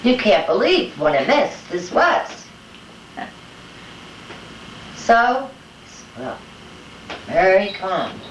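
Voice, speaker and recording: An older woman being interviewed at home, telling lively family anecdotes and acting out the voices of her family. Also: mid-range voice, slow pace. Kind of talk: casual storytelling at home. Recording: echoey room, distant mic, dull home-video sound with faint hiss.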